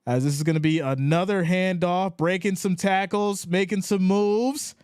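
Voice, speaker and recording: A man hosting a live stream, calling the plays and reading viewer chat in an animated voice. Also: moderate pace, clean tone, no room sound, studio quality. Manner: animated, rises in pitch when excited. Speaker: live stream play-by-play host. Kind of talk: play-by-play commentary with chat reading.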